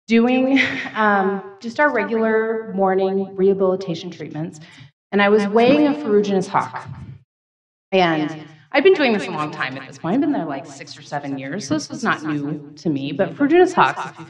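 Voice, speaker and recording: Woman, 30s, chatty gala emcee, self-deprecating and quick to laugh. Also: mid-range voice, rough recording. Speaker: gala emcee and raptor program staff. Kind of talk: casual storytelling speech at a gala. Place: banquet hall at a live event.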